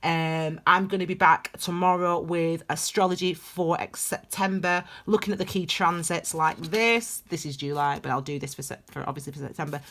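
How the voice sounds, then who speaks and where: A woman with a fairly low voice talks through a tarot reading to her viewers. She rambles warmly through her points, breaking off into asides and restarting her sentences. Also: steady tone, moderate pace, hardly any pauses. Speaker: tarot reader. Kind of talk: casual spiritual tarot reading to camera.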